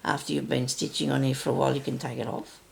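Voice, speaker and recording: Older woman with a gravelly voice. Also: little pitch movement, quick pace, darkish tone. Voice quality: raspy, deep, gravelly voice. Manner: chatty, rambling, self-interrupting. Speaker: sewing tutorial host. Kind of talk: casual stitching tutorial.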